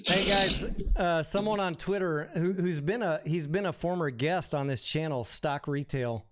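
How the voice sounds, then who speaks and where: A man's voice: a little high, moderate pace, very noisy. A man hosting a stock-talk live stream, speaking bluntly and casually with some swearing. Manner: blunt, profane, defensive.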